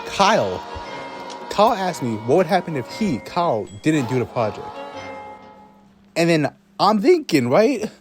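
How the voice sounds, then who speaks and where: A young man telling a story in a casual vlog, exasperated and swearing, laughing between restarts. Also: fairly high pitch. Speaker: vlogger.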